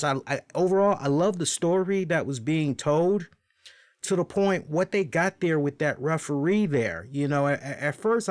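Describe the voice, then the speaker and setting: A man hosting a podcast, casually reviewing wrestling in a chatty, profane, animated way. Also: mid-range voice, no room sound, studio quality. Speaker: podcast host.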